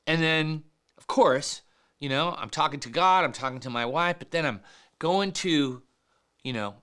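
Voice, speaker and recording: A man preaching a sermon in a conversational, emphatic way, often dropping soft and low to stress a point. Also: measured pace, clear, resonant tone. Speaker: pastor.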